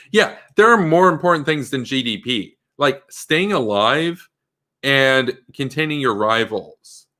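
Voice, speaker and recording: Man, political commentator, combative, emphatic, bright voice. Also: mid-range voice, lively intonation, measured pace. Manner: combative, emphatic, rhetorical questions.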